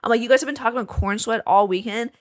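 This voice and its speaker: Fast-talking sniffly woman telling a story. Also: on the high side. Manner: animated storyteller, swears often, acts out quotes. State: slightly sniffly. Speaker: podcast co-host. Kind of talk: casual chat. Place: at a table with co-hosts.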